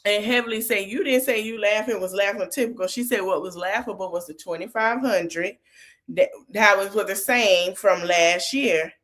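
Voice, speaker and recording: A woman's voice: medium pitch, normal speed, a bit bright. A woman podcast host in a casual recap, chatting informally, laughing often and retelling scenes with quoted lines. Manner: informal colloquial speech.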